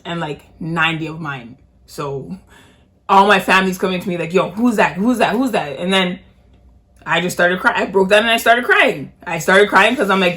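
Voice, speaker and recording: A woman's voice: fairly low pitch, moderate pace, fairly bright tone. A woman co-hosting a podcast, retelling a story in a casual, emphatic way and repeating phrases for effect. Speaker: podcast co-host.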